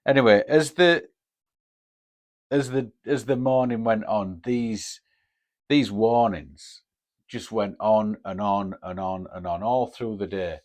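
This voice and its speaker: A man's voice: lowish voice, slow. A man hosting a podcast, telling a rambling, sweary story in a casual monologue. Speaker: podcast host. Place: home in Japan.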